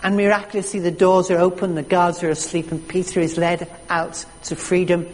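A preacher delivering a sermon with slow, emphatic storytelling. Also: mid-range voice, flat delivery. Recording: echoey hall reverb.

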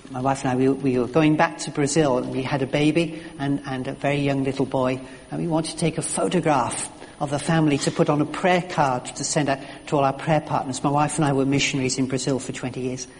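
A man's voice: fairly high pitch, a little mellow, big-room sound. A middle-aged man preaching a sermon in an earnest, story-telling way, with frequent restarts and fillers.

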